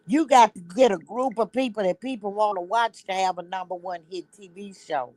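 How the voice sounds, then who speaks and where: A woman's voice: medium pitch, normal speed, a little mellow. A woman, a guest on a casual video-call chat, ranting in a blunt, sassy way.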